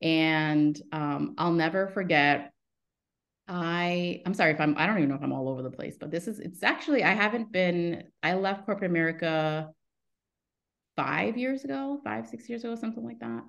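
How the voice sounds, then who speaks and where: A woman's voice: fairly low pitch, moderate pace, creaky, muffled recording. A woman in her thirties, a podcast guest telling her story in a casual, rambling way, breaking off mid-sentence and acting out the lines of people in it. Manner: rambling, self-interrupting storytelling; acts out quoted dialogue in her stories. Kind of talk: casual interview chat.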